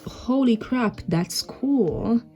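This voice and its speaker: Woman doing an excitable teen girl heroine, exclaiming, mellow tone, faint music behind. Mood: excited. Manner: quick exclaiming voice, higher than the narration.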